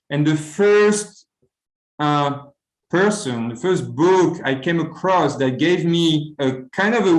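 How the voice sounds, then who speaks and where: Higher-voiced man lecturing in an echoey room. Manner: earnest, with frequent stuttered word repeats. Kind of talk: academic seminar talk.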